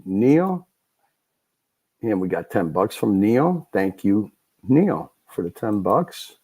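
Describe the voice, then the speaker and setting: A man hosting a casual livestream, reading out viewer donations one by one and thanking each. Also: fairly low pitch. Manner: relaxed, chatty, thanks donors one by one. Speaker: livestream host. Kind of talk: casual livestream chat, reading super chats.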